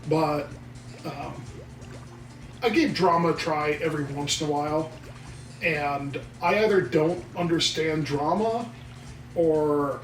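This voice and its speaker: A man's voice: fairly high pitch, takes it slowly, pauses often, reverberant, recorded from a distance, faint music behind, rough recording. A man co-hosting a casual gameplay video, joking and theatrical as he wanders off on tangents. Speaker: co-host of gaming channel. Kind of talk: casual let's play banter.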